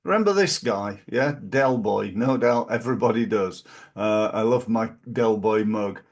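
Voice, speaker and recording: A middle-aged man, hosting a podcast in a casual motivational monologue and jumping his pitch up to stress key phrases. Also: normal speed. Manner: animated, punches quoted catchphrases with big pitch jumps. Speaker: podcast host.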